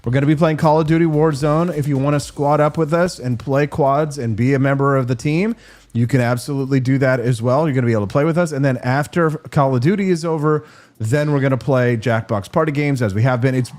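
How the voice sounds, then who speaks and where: A man hosting a casual talk show, chatting warmly with guests and plugging upcoming streams. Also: medium pitch, fairly quick. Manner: upbeat, friendly sign-off patter. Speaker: show host. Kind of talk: casual chat.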